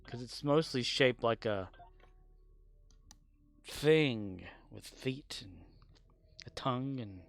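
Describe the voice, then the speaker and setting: A man's voice: mid-range voice, expressive, slow, creaky, long pauses. Young male streamer, casual chat, rambling jokes, crude asides. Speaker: livestreamer. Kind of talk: casual livestream chat while gaming.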